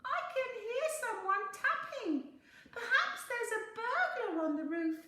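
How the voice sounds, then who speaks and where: A woman doing a squeaky scared little mouse. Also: sing-song, a little slow, pushed and bright, heavily acted. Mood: frightened pleading. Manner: squeaky, pleading, breathless. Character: small frightened young male mouse. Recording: very echoey room, faint hum.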